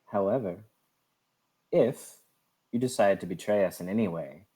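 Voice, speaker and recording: A man's voice: fairly low pitch, moderate pace, dark tone, husky. A man voicing a crude, threatening male adventurer in a tabletop game. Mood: menacing. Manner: threatening, then bluntly rude. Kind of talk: tabletop role-play voice.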